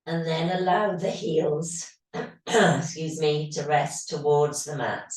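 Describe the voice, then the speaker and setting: A woman teaching yoga in a slow, low voice that is slightly hoarse from losing it. She gives calm, steady breathing cues. The sound is very echoey and comes from some distance off the mic. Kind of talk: guided yoga instruction.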